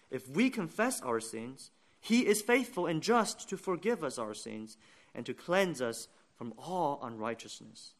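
A man preaching a sermon, earnest and deliberate, building to emphatic points. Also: a little high, fairly bright tone.

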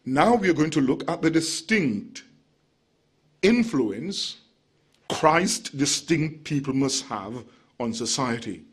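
A male preacher with a slightly high, husky voice delivers an expository sermon. He is measured and emphatic, stretching out key words. He eases into relaxed, chatty asides.

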